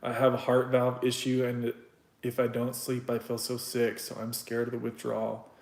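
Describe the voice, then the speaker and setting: A man talks on a live stream at a middling pitch, and his voice stays fairly level and flat. He is candid and swears freely, stopping and restarting as he reads viewer comments aloud. The room around him is noticeably echoey. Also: normal speed, gravelly.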